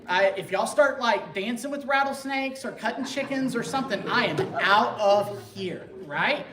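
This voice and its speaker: A man telling his conversion story to a parish group in a lively, joking, conversational way. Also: very high-pitched, normal speed. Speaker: speaker giving a conversion testimony. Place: church meeting room. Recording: echoey room, faint background noise.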